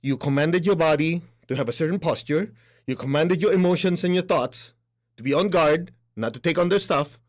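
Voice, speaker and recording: A man giving a spiritual lecture, animated and laughing between points, acting out other people's voices as he talks. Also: fairly high pitch, moderate pace. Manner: animated, acts out quoted voices. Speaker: spiritual teacher. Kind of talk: spoken lecture.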